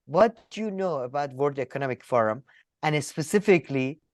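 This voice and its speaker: A woman's voice: low-pitched, expressive, fairly quick, darkish tone, no echo, clean studio sound, voice pushed down. A woman mimicking a pushy male TV interviewer who keeps repeating his questions. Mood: accusing.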